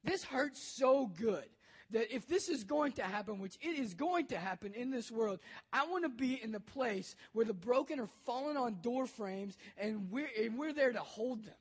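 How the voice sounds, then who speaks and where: A man's voice: very high-pitched, expressive, normal speed, slightly rough. A young man, a youth pastor, telling an emotional personal story in a sermon, bold and conversational.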